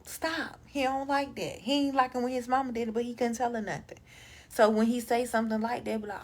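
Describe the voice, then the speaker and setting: A woman's voice: a little high, steady tone, fairly quick. Emphatic woman giving relationship advice. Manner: direct, emphatic, preachy, with vernacular grammar. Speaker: relationship and intimacy coach. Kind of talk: casual advice monologue to camera.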